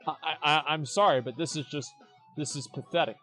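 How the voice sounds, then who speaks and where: A man's voice: fairly high pitch, brisk, fairly bright tone, faint music behind. Blunt, mocking young man streamer. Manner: repeats words as he restarts. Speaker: streamer reacting to forum posts. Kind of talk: casual commentary.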